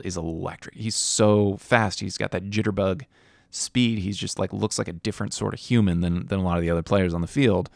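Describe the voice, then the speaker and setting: Tired, rambling man with a gravelly voice. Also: fairly low pitch, no echo, studio quality. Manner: rambling, self-correcting, yawning and tired. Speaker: fantasy football league podcast host. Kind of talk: casual solo podcast commentary.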